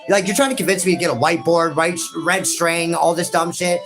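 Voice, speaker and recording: A man with a notably high voice hosts a game stream in relaxed banter, chuckling and calling his friend buddy. Music is clearly audible behind him. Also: brisk. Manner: laughs a lot, calls the other "buddy". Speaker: host. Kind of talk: casual let's-play banter.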